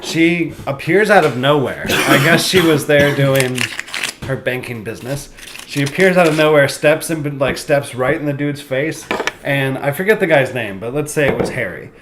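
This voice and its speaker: A man's voice: mid-range voice, moderate pace. Rambling, profane man on a noisy podcast. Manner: rambling, profane, slips into quoted voices. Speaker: comedian guest. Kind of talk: casual podcast storytelling.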